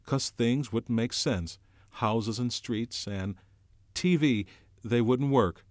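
A man voicing an anxious, fussy schoolboy with glasses, in a shrill, worried whine, in an audiobook reading. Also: slow pace, no room sound, studio quality, natural voice. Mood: insistent. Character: anxious, fussy, bespectacled boy, careful and nagging.

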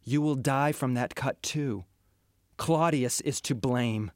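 A man's voice: mid-range voice, slow pace, clear, resonant tone, no room sound, studio quality, close to an everyday voice. A man voicing a remorseful dying young swordsman, pleading in a strained voice.

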